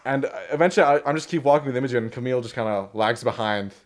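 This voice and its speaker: A man's voice: mid-range voice, rapid-fire. A man telling a comic dream story at a live poetry night, rambling with lots of fillers and laughing as he goes. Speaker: open mic storyteller.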